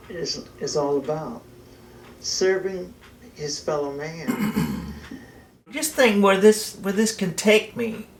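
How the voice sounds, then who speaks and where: A middle-aged man speaking slowly and earnestly in a documentary interview, often halting and restarting. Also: on the high side, noisy background.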